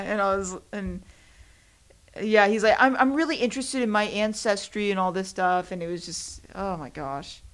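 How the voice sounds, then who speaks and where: A woman's voice: medium pitch, normal speed. A young woman hosting her own podcast, chatting casually in a rambling, self-deprecating way with frequent laughs. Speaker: podcast host. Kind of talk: casual solo chat.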